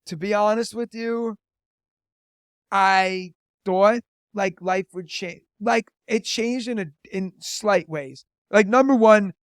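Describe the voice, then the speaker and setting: A man in his thirties talks easily as an interview guest, spinning stories with a high voice and a steady stream of "like" fillers. The sound is dry and close, with no room around it. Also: takes it slowly, clear, resonant tone, dry recording. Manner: chatty storyteller, lots of "like" fillers. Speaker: podcast guest, teacher and comedian. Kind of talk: casual interview chat.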